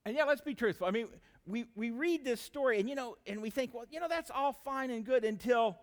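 A pastor preaching a sermon, speaking with emphatic rises and drops and addressing the congregation directly as friends. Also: male voice, extremely high pitch, animated, fairly quick, few pauses.

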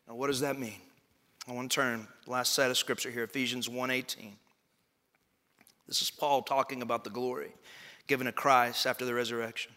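Male pastor in his forties: bright, cutting voice, emphatic preaching, long hall reverb. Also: mid-range voice, flat delivery, brisk, long pauses. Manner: emphatic, swelling into loud proclamation. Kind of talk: sermon.

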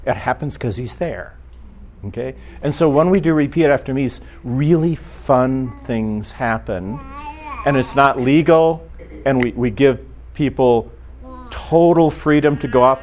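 A man's voice: mid-range voice, measured pace, darkish tone, a little hiss or hum. Brief: middle-aged male pastor, informal teaching, chatty delivery with acted-out quotes. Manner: conversational, acts out short quoted exchanges.

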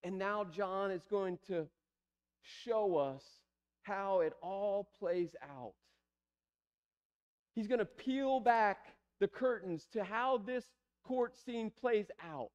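A man with a high-pitched voice preaching a sermon in a church sanctuary. He pleads softly at times and builds to emphatic, repeated phrases. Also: animated, slow pace, smooth, muffled recording. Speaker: pastor.

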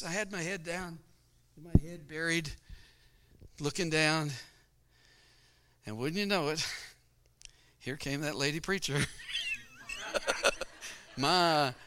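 Bright, clear-voiced man telling a sermon story. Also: fairly high pitch. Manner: folksy storytelling, laughing often. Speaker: pastor. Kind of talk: sermon testimony.

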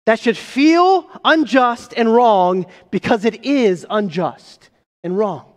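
A man preaching a sermon as pastor, emphatic, asking rhetorical questions and slowing down on key phrases. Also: sits high, lively intonation. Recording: long reverb of a large hall.

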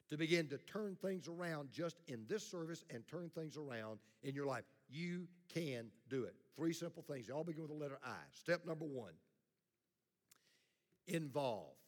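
A middle-aged male pastor preaching a sermon in a blunt, plain-spoken way, leading the congregation in call-and-response. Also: on the high side. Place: church sanctuary. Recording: long hall reverb.

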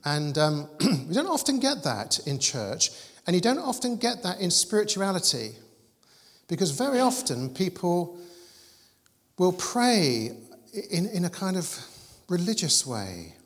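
A man preaching in a relaxed, storytelling way, with a fairly high voice. His words ring out in a long church-hall reverb, and he mixes scripture with dry humour. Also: measured pace. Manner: conversational storytelling preacher, animated and humorous. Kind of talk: sermon.

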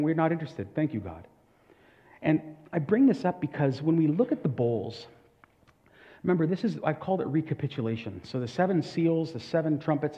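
A man's voice: medium pitch, dark tone. A man preaching a sermon as pastor, earnest and conversational, with asides and questions to the congregation. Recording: echoey hall, dull lo-fi sound.

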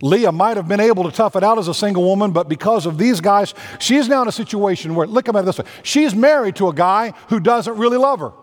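A man's voice: high voice, expressive, quick pace, few pauses, big-room sound. A man preaching a sermon, emphatic, repeating phrases and restarting as he makes his points. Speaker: pastor.

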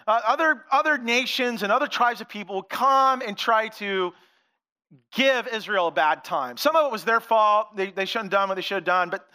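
A man telling a Bible story to children in an animated, playful way, talking directly to the kids. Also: high voice. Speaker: children's pastor. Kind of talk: sermon for children.

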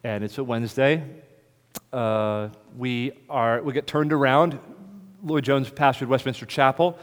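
A man preaching a sermon as the pastor, moving between soft, hushed lines and loud, ringing proclamation. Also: medium pitch, steady tone, a little slow. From United States. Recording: reverberant hall.

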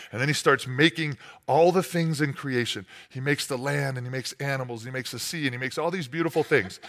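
A man preaching a sermon as a pastor, conversational and storytelling, with playful asides. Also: medium pitch. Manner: lively storytelling with playful character voices; conversational, uses fillers like "like" and "you know".

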